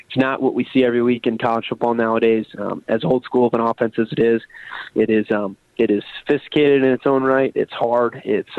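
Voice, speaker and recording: A man's voice: mid-range voice, no room sound. Guy on a phone line breaking down football, rambles a lot, lots of ums, dry sound. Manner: rambling, many fillers and restarts. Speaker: guest, former college football player. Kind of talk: casual phone-in sports talk.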